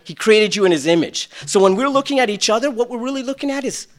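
A middle-aged man preaching a sermon, swinging between loud bursts and hushed lines, with self-deprecating humor. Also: very high voice, lively intonation, quick pace. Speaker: pastor.

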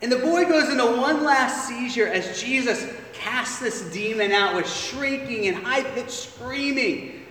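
A male preacher with a high-pitched voice tells a Bible story in a sermon, animated and acting out its voices. He is heard from a distance in a large church hall with a long, echoing reverb. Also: a little slow, slight background noise. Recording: echoey hall, recorded from far off.

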